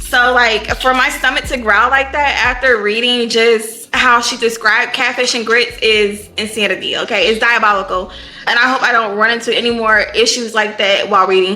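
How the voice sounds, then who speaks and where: A woman's voice: medium pitch, pushed and bright, slight background noise. A woman chatting casually to camera as a book vlogger, playful and talkative, calling listeners honey and baby.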